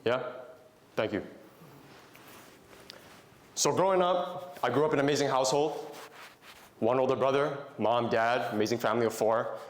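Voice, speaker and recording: Addressing young men in an echoey room, a young motivational Christian speaker relates stories conversationally and asks the audience questions. He speaks at medium pitch and a moderate pace, with long pauses.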